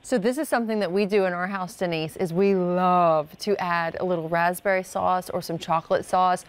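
Enthusiastic woman pitching food on tv. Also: fairly even intonation, moderate pace, smooth. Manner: enthusiastic, descriptive. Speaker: guest product presenter. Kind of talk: live home shopping chat. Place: tv studio kitchen.

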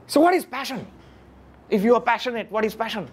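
A motivational speaker addresses a live audience in a lecture room, animated and constantly questioning them while repeating key phrases for emphasis. His voice is very high-pitched and husky, and he speaks briskly.

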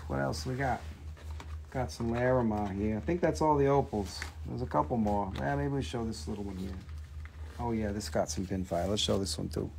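A man's voice: lowish voice, vocal fry, dark tone, slight background noise. A man hosting a live stream, chatting casually and joking as he shows and prices stones for sale. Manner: chatty, jokey salesman talk. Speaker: host selling minerals on a live stream. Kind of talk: casual live sales chat.

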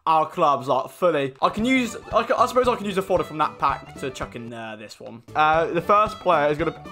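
Excitable young man opening packs. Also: fairly high pitch, fairly quick, soft background music. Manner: excitable, swears, bursts into shouts. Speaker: gaming YouTuber. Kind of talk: excitable pack-opening commentary.

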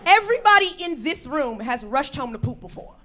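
A woman performing a brash stand-up comedy set live, working the crowd with animated storytelling. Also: sits high, a little fast. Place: live venue before an audience. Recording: faint crowd noise. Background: audience laughter.

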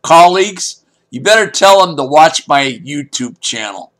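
A man's voice: on the high side, animated, measured pace, a bit bright. A man hosting a prank phone call, pushy and teasing, who keeps talking over the other caller. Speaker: prank-call show host.

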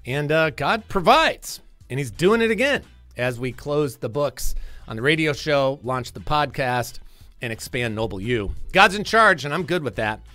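A man's voice: mid-range voice, expressive, moderate pace, a bit bright, no echo, soft background music. Middle-aged guy on the radio, rambling and earnest, keeps repeating words, dry close sound. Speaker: radio host. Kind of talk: casual radio monologue. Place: radio studio.

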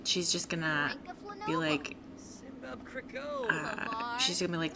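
A woman's voice: sits low, takes it slowly. Chatty woman narrating a game. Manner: chatty, lots of fillers, sympathetic. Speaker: let's play host. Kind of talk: casual gameplay commentary. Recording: steady background noise.

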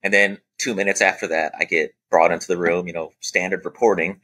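The speaker is a former Air Force special operator appearing as a podcast guest in a casual storytelling interview. His low voice has a bright, forceful edge, and he talks fairly quickly, spinning an animated anecdote that acts out quoted dialogue amid many "you know" fillers.

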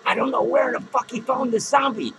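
A man's voice: very high-pitched, fairly even intonation, brisk, noisy background. A man playing a foul-mouthed, jittery male clown who hosts a podcast and rants crudely and nervously at his viewers. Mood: anxious. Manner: swearing, rambling, nervous outbursts. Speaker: podcast host. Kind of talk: profane comedic rant to viewers. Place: podcast studio.

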